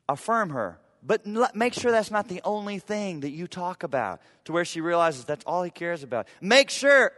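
A pastor preaches a sermon from the pulpit of a church sanctuary, speaking conversationally and with emphasis, using humor and repeated phrases to drive his points home. His voice is high-pitched and a bit bright, carried by the long reverb of a church hall.

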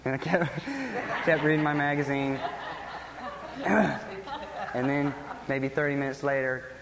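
A man's voice: mid-range voice, fairly even intonation, measured pace, a loud crowd. A man in his thirties, a pastor, preaching a sermon in an earnest, self-deprecating storytelling manner. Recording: long hall reverb, faint room noise.

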